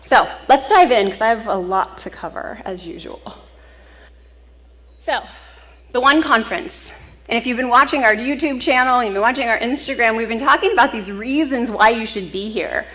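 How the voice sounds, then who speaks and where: A woman's voice: fairly high pitch, a little fast. A woman hosting a professional conference and giving an earnest welcome speech to a live audience, getting emotional now and then. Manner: warm, earnest and emotional, with small laughs. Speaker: conference host. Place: conference hall.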